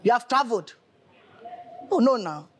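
A man plays a flustered, broke man begging over the phone. He stammers and repeats himself, his voice very high and lively, with a bright, sharp edge. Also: moderate pace. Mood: pleading. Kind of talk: comedy skit acting.

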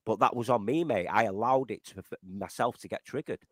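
A man's voice: fairly low pitch, a little fast, no echo, studio quality. A man firmly lecturing a friend on a livestream, preachy and sweary.

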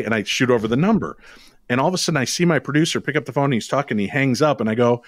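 A man who hosts a paranormal radio show, telling stories as a podcast guest in a lively, quick way with sudden jumps in pitch. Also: no room sound, studio quality. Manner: animated, quick storytelling with sudden rises in pitch. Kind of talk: storytelling in a podcast interview.

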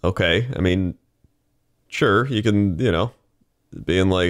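Lower-voiced young man laughing through chat. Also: measured pace, long pauses. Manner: laughing, mocking article reading. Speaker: podcast co-host. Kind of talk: casual chat.

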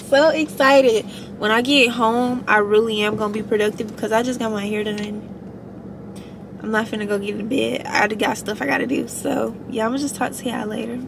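Chatty young woman vlogging, fairly high voice. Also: creaky, background noise. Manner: chatty, slangy, candid. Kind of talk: casual confiding vlog chat.

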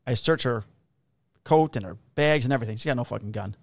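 A man, a police officer co-hosting a podcast, telling work stories in a casual, profane, animated way and acting out the quotes. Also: medium pitch, quick pace, creaky, no echo, clean studio sound. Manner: profane, animated storyteller who acts out quotes. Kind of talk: casual chat, storytelling.

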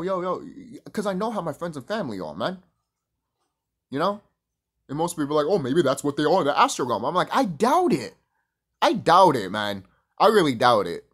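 Guy ranting on his vlog, cussing a lot, voice swings up and down, kinda high. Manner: profane, heated and rambling. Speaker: vlogger. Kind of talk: casual rant to camera.

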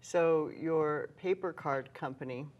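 A woman's voice: deep voice, slow, lo-fi sound. A woman hosting a talk show, interviewing an artist guest with effusive, gushing praise.

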